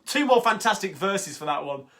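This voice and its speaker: A man's voice: high-pitched, very animated, normal speed, fairly bright tone. A man hosting a singalong livestream, chatting casually and eagerly between songs with plenty of ums and uhs. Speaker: singalong host. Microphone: home livestream mic. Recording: guitar music close behind the voice.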